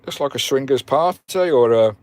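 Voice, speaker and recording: A man's voice: medium pitch, expressive, moderate pace. A man hosting a live stream, chatting jokily with viewers, swearing freely and laughing a lot as he guesses a puzzle. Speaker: vanlife channel host.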